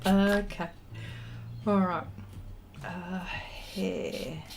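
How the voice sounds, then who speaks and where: A woman's voice: on the low side, vocal fry, a little mellow, slight background noise. A woman hosting an art livestream, chatting casually while she draws and reading viewer comments aloud with self-teasing asides. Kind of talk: casual chat while drawing live.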